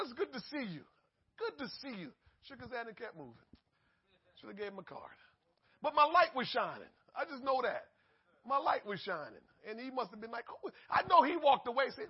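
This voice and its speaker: A man preaching a sermon and telling stories, swinging from quiet asides to loud exhortation. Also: very high-pitched, big pitch swings, a little fast, gravelly, husky. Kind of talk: sermon storytelling. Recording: muffled lo-fi sermon recording.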